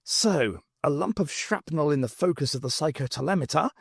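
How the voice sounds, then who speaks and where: Dude voicing a decisive eccentric boffin, lively and sure of himself, dry mic. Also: male voice, a little high, moderate pace, gravelly, breathy edge, no room sound, exaggerated voice. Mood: urgent.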